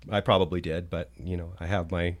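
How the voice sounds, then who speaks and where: A man's voice: low-pitched, flat delivery, brisk. A man on a podcast as a guest, recalling his travels in a rambling, casual way with many fillers and restarts. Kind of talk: casual chat.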